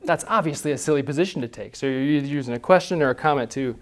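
A man's voice: medium pitch, very fast. Male class teacher, conversational, mid-range voice, quizzes the room.

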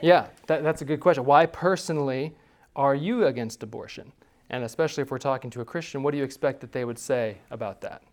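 A man's voice: mid-range voice, fast talker. Male class teacher, conversational, mid-range voice, quizzes the room.

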